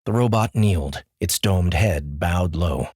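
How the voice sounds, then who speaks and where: A man narrating an audiobook in a measured, clear voice. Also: deep voice, darkish tone, slight background noise. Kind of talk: scripted narration.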